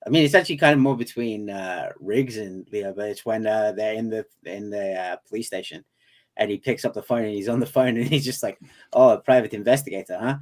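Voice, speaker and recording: A man's voice: on the low side, fairly quick. A man co-hosting a casual movie debate show, speaking with fillers and laughing at his favorite lines. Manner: hesitant with fillers, laughs at his own picks. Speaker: podcast co-host.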